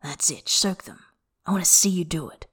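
A tender but commanding man who murmurs his orders low and close, as a woman narrator voices him. The voice is soft and whispery, low in pitch, in a whispered role-play reading. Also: steady tone, fairly quick, slightly rough. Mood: murmuring. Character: commanding, tender male lover.

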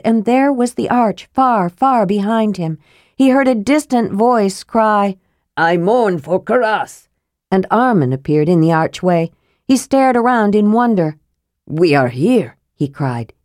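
A woman narrating a fantasy audiobook in a measured, even way. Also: mid-range voice, dry recording, clean studio sound.

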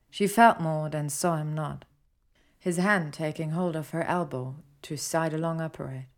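Woman narrator, low voice, steady storytelling read. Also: normal speed. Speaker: audiobook reader. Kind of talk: fan fiction narration.

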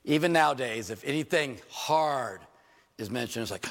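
A man preaching a sermon in a church, animated and joking, with rhetorical questions to his congregation. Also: mid-range voice, normal speed. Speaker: pastor. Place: church hall. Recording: reverberant church hall.

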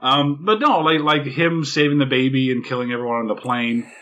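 A man in casual movie chat, wry and hesitant, often pausing with ums. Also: medium pitch, fairly even intonation, pushed and bright. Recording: dull lo-fi audio.

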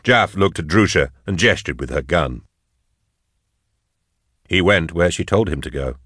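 A male narrator reads a novel in a steady, measured way. His voice is very deep, and the recording is close and dry, with no room sound. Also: no echo. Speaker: audiobook narrator. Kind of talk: scripted narration.

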